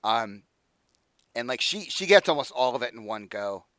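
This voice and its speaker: A male game master narrating a tabletop game, casual and rambling, with lots of filler words. His mid-pitched voice is recorded dry and close. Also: animated, normal speed, a bit bright, no echo.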